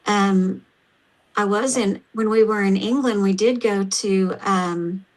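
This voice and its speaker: A woman with an Oklahoma accent, hosting a casual chat and talking haltingly with many pauses and fillers. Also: medium pitch, poor audio. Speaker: host.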